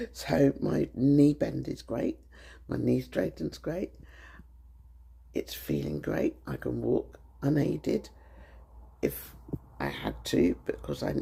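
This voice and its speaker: Croaky British male vlogger, husky and mellow, talks openly to his phone with lots of ums. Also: mid-range voice. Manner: chatty and candid, with frequent ums. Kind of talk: casual chat to camera.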